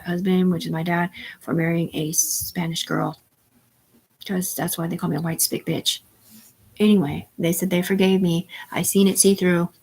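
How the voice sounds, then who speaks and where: A woman's voice: on the low side, vocal fry, darkish tone, slightly rough. A woman hosting a live stream, talking in a rambling, profane monologue that jumps from topic to topic. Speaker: livestream host.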